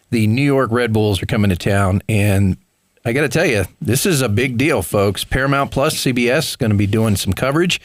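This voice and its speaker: A man's voice: mid-range voice, no echo. A man hosting a local business talk radio show in a studio, chatty and enthusiastic, calling listeners folks. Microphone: studio microphone.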